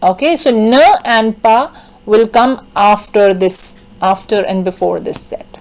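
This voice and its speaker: A woman's voice: medium pitch, measured pace, rough recording. A woman hosting a French grammar lesson, explaining patiently and repeating each example sentence. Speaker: French teacher.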